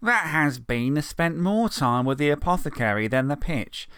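A man's voice: fairly high pitch, sing-song, moderate pace, fairly bright tone, smooth, no room sound, clean studio sound. A man voicing a sneering village boy who scoffs at another boy's father. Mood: scoffing.

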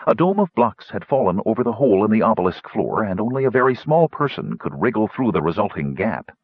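A man narrates a fantasy story in a dramatic, measured way. His husky, low voice swoops widely. The recording is dry, dull and lo-fi. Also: sing-song. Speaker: audiobook narrator.

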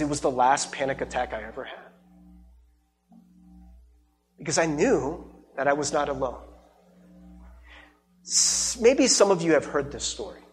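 A young adult man, a pastor, giving a conversational sermon testimony with many fillers and restarts. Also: on the high side. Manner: conversational, halting with many fillers and repeated words.

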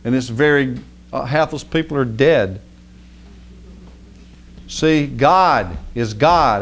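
A man's voice: mid-range voice, slow, pauses often. A man preaching in a folksy, conversational way, rising to emphatic outbursts. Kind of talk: sermon.

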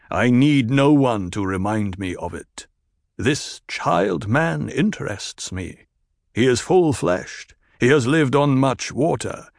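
A man voicing a stern, commanding desert tribal leader who speaks slowly and gravely. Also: mid-range voice, no echo, studio quality, exaggerated voice. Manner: measured, slow, authoritative. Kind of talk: audiobook character voice.

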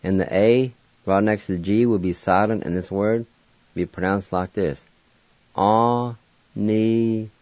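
A man's voice: low voice, fairly even intonation, moderate pace, darkish tone, dry recording. A man teaching words on a radio show, spelling them out letter by letter in a patient, encouraging way. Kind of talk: slow spelled-out word lesson. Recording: dry, dull lo-fi radio sound.

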